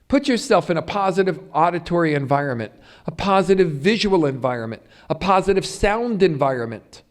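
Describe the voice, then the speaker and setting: A middle-aged man delivers a public lecture, pressing his listeners with one rhetorical question after another. His voice sits a little on the high side for a man, and he leans hard on key words. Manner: rhetorical questions to the audience, emphatic. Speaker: Ayurveda lecturer. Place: yoga center hall.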